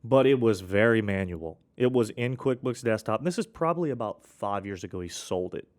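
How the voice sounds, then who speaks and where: A man's voice: lowish voice, animated, a little fast, darkish tone. A man hosting a casual accounting podcast, telling client stories with frequent restarts and a cough now and then. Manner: rambling, self-correcting, with frequent restarts.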